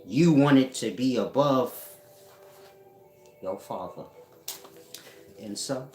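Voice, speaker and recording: Guy doing a laid-back spiritual lesson, real slow, keeps asking if you get it, faint music behind. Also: mid-range voice, a little mellow. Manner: slow, drawn-out, often checking in with listeners. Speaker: spiritual teacher. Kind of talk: casual esoteric teaching monologue. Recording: echoey room.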